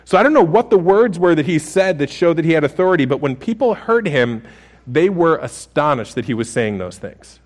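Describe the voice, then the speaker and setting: A man's voice: on the high side, big pitch swings, a little fast. A man in his thirties preaching a sermon as pastor, conversational and humorous, with frequent restarts.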